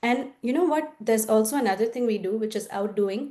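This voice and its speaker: A woman's voice: fairly high pitch, a little fast, warm tone. A woman presenting a parenting workshop, speaking in an engaging way, asking rhetorical questions and acting out what parents and children say. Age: adult. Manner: acts out parents' and children's voices. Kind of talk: educational presentation.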